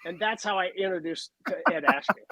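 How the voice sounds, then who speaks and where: Animated man telling hunting stories. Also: sits high, brisk, vocal fry, no echo, low-quality recording. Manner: animated, acts out voices and sounds. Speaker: podcast guest. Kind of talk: casual storytelling chat.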